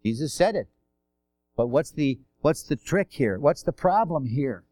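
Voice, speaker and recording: High-voiced man preaching a sermon. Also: expressive, unhurried, dark tone, no echo. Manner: conversational preaching with rhetorical questions and acted-out quotes.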